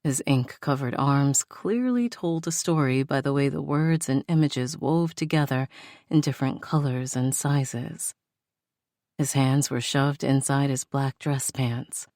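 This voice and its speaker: Woman, low voice, slow pace, first-person romance audiobook, dry close recording. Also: darkish tone, dry recording. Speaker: audiobook narrator.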